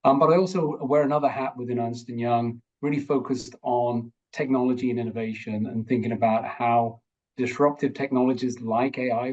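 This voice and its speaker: A man's voice: medium pitch, darkish tone, husky, lo-fi sound. A man with a non-American accent, an audit partner, explaining on a panel, fluent but prone to restarts.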